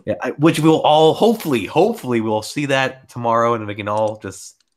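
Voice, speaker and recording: A man's voice: mid-range voice, lively intonation, brisk. A young man co-hosting a casual toy podcast, playful and rambling, restarting his sentences. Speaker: podcast co-host. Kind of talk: casual chat.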